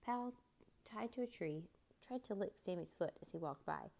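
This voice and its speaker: A woman reading a children's chapter book aloud as narrator, in steady storytelling. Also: mid-range voice, normal speed, gravelly.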